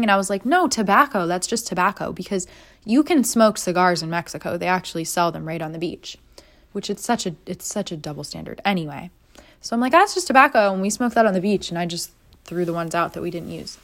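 A young woman talking casually on her own podcast, spinning a story. She is animated and playful, and she slips into the voices of the people she quotes. It is a relaxed, conversational monologue. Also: lowish voice. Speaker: podcast host.

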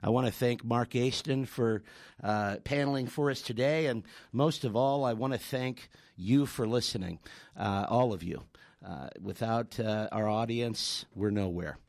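Halting radio talk host, dry close sound. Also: male voice, medium pitch, darkish tone, no echo. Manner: halting, with many fillers and restarts, then telling a story. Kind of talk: radio talk show hosting.

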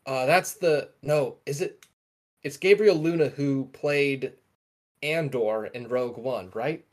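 A man's voice: mid-range voice, slow. Rambling young man co-hosting a podcast. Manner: rambling, self-correcting, enthusiastic. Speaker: podcast co-host. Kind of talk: casual chat.

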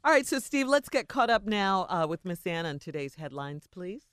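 A woman's voice: on the low side, very animated, moderate pace, a bit bright, clear, resonant tone, no echo, clean studio sound. A woman co-host on a radio show, reacting with short replies and lots of laughter.

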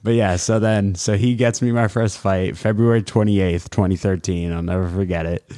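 Casting: man, late twenties, deep and very low, rambling casual storyteller, dry close sound. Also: fairly even intonation, normal speed, mellow, no room sound. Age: late 20s. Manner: rambling, many fillers and acted-out quotes. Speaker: guest, mixed martial arts fighter.

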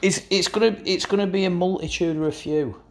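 A man's voice: high-pitched, steady tone, fairly quick. A man hosting a casual football chat, with dry, teasing banter.

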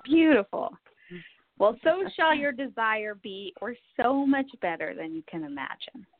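A woman hosting a podcast, asking guests questions in a casual, effusive and animated way. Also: on the high side, unhurried, no room sound. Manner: animated, effusive, lively storytelling. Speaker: podcast host. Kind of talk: casual interview. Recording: tinny phone-like line with faint noise.

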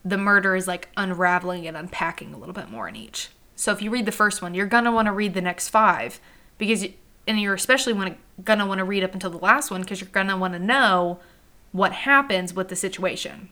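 A woman's voice: medium pitch, pushed and bright. A young woman hosting a book podcast, chatting casually and animatedly, acting out characters' lines and swearing now and then. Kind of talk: casual chat.

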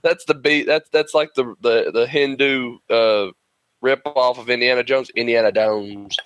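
A man's voice: mid-range voice, fairly even intonation, unhurried, fairly bright tone, smooth, dry recording, poor audio. A man trading profane jokes and rambling guesses in a casual movie quiz with friends. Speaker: quiz contestant. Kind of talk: casual banter.

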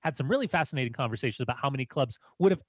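A man's voice: medium pitch, lively intonation, rapid-fire, dry recording. American man co-hosting, slightly muffled. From United States. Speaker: podcast co-host. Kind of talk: casual football chat.

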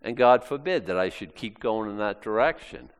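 A man's voice: on the low side, lively intonation, normal speed, clean tone. A man preaching a sermon, acting out quoted lines in shifting voices. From Maine, US. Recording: long hall reverb.

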